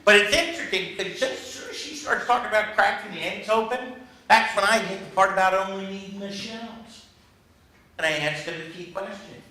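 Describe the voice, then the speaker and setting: Man, negotiation trainer, high-pitched, very bright, humorous storytelling, echoey room. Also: brisk. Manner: humorous, self-mocking storytelling. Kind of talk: workshop lecture to a class.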